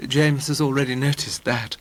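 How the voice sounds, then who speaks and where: A man's voice: mid-range voice, fairly even intonation, moderate pace, fairly bright tone, natural voice. A man voicing a prim young woman with a tart, reproving manner. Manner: cutting in, tart.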